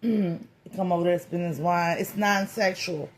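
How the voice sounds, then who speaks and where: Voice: medium pitch, fairly even intonation, brisk, a little hiss or hum. Playful, slangy tarot reader riffing. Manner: loose, slangy and playful, repeating phrases for comic effect; profane joking. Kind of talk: comedic tarot reading.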